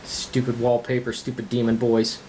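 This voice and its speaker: Let's-play commentator, frustrated, cursing, shouting at the game, mid pitch, background noise. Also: completely flat delivery, normal speed. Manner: frustrated, swearing, yelling at the game. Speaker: gaming channel host.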